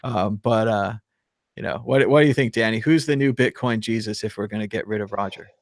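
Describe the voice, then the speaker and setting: A man's voice: lowish voice, a little fast, dry recording, clean studio sound. A man hosting a live call-in show, chatting casually, joking and laughing between rambling remarks. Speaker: show host.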